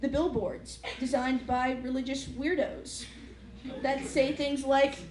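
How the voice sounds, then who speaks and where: A young adult woman from the United States performs a stand-up set as a student comic before a live audience in a large hall, wry and self-deprecating with plenty of fillers. Her voice is high and a little mellow, with a level tone and measured pace. The noisy live mic captures an echoey hall.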